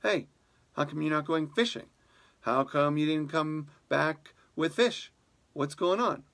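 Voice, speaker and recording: A man voicing worried villagers in a folk tale, anxious and insistent, pitched a little higher. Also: expressive, unhurried, creaky, fairly bright tone, exaggerated voice. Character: worried village neighbors, pressing questions.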